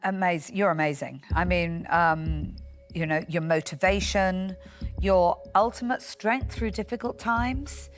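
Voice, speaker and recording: A woman with a low voice speaks frankly and deliberately to an entrepreneur. Faint music plays underneath her. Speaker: investor on a panel.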